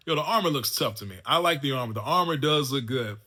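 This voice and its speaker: Man, movie reviewer, casual chat, bright forceful voice, mid pitch, loose filler-heavy talk. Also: quick pace. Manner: loose and chatty, full of fillers and restarts like "man" and "you know what I'm saying". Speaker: movie reviewer and channel host.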